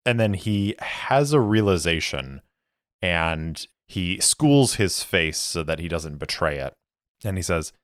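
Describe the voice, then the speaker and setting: Man narrating a solo tabletop game, calm and deliberate, deep and unhurried. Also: clear, resonant tone, no room sound, clean studio sound. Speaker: game master and solo player.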